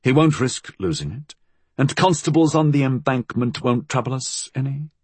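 A man voicing a calm male gang leader who speaks in a measured, commanding way. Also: medium pitch, husky, no room sound, voice pushed up.

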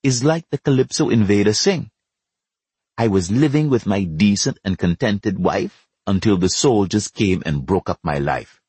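A blunt, commanding Trinidadian street elder from a storybook, quick to scold, voiced by a man. The voice is low and husky. It sits close and dry. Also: expressive, darkish tone, dry recording. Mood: soothing.

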